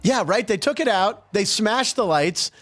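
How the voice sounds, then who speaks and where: A man's voice: high voice, animated, unhurried, fairly bright tone. A man hosting a sports podcast, chatting casually with wry, sarcastic asides.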